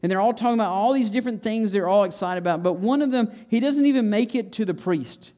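A man's voice: high voice, fast, warm tone. A man preaching a sermon to his church, earnest, repeating phrases for emphasis. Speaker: pastor. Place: church sanctuary.

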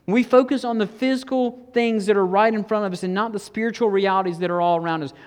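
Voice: medium pitch, steady tone, fast. Conversational preacher in a reverberant hall. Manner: conversational, drops to hushed tones for emphasis. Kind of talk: sermon.

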